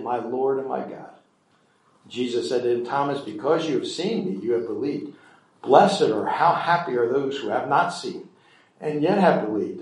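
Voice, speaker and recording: Preaching man in an echoey room. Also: on the high side. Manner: reads verses aloud then explains them conversationally. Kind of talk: sermon with scripture reading.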